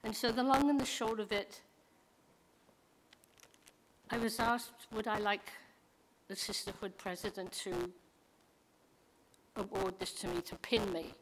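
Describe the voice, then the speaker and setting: A woman's voice: mid-range voice, steady tone, moderate pace, long pauses. A woman recovering from a lost voice tells stories with quoted dialogue as she speaks informally to her temple congregation on a livestream. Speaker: congregant sharing a milestone. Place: temple sanctuary. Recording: noisy livestream recording.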